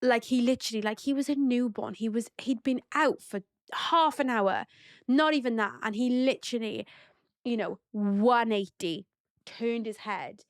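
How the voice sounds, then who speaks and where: Woman podcast host, mother, chatty and heartfelt, voice a touch high, dry sound. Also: normal speed, no room sound. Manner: chatty and heartfelt, with many fillers. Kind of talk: casual storytelling monologue.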